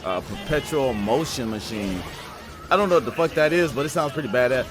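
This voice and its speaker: A man hosting an anime reaction video, talking casually and excitably with frequent swearing and laughter. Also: mid-range voice, a little fast, over music. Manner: excitable, profane, laughs often.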